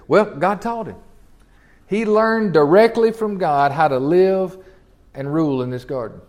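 A man leading a conversational Bible study, reading scripture aloud and explaining it, often repeating words and asking rhetorical questions. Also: a little high. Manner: repeats words and restarts phrases. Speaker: Bible teacher.

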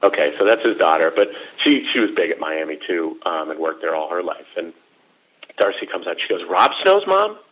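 A man telling a personal story in a casual, animated way, jumping into quoted voices. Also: fairly quick. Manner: animated, acts out quoted voices with big pitch jumps. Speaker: storyteller guest. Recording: dull lo-fi recording.

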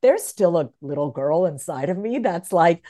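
A woman's voice: fairly low pitch, animated, normal speed, dark tone. A woman talking candidly and emotionally as an author guest in an interview. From United States. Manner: candid and emotional, swings from tearful to laughing.

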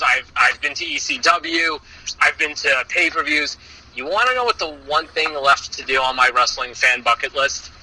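High bright-voiced man ranting profanely. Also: low-quality recording. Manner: profane, ranting, laughs a lot. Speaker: podcast guest. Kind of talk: casual podcast chat.

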